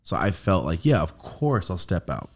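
Low-voiced, laid-back male podcast host. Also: normal speed. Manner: rambling, profane, animated when telling a story. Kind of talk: casual storytelling chat.

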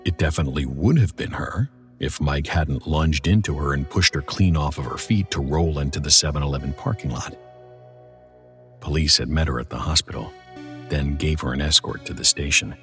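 A man with a very deep, low voice narrates a first-person horror story. His delivery is dramatic and measured, with soft music playing faintly under him.

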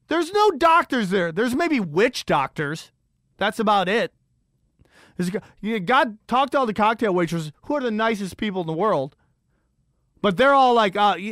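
A middle-aged man hosting a comedy podcast, telling a story in an animated, incredulous, profane rant that swings between high and low pitch. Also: no echo, clean studio sound. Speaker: podcast host.

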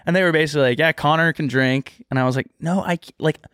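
A man's voice: fairly high pitch, fast talker, fairly bright tone, clean tone, dry recording, studio quality. Rambling young man telling stories. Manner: rambling storyteller, heavy use of "like". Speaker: podcast co-host. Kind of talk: casual chat.

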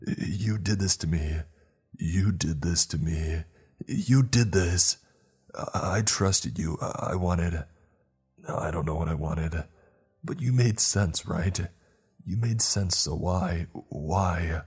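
A frail young male captive pleads in a cracked, raised voice and then turns to cold taunting, as a man reads him out. Underneath sits a very deep, husky voice. It is a dark horror story read aloud. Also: a little slow, heavily acted. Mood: desperate. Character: broken, desperate young man prisoner.

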